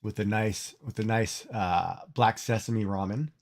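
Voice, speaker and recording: A man's voice: on the low side, a little slow, a little mellow. A middle-aged man streaming and chatting casually, rambling and repeating words as he talks. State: tearful, crying. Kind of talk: casual livestream chat.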